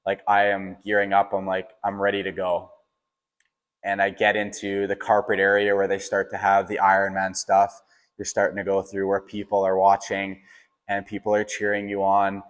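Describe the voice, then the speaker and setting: A young man with a deep voice tells a personal story in a casual, rambling way. He often says "like" and restarts mid-sentence, and his delivery stays fairly even. The recording carries a long, hall-like reverb. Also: moderate pace. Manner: casual, fills with "like", frequent restarts. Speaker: podcast host.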